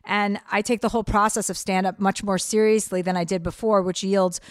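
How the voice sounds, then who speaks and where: A woman's voice: mid-range voice, flat delivery, a little fast, no room sound. A middle-aged woman from New Jersey, a comedian guest, talking bluntly with dry self-mocking humor. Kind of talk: casual interview chat.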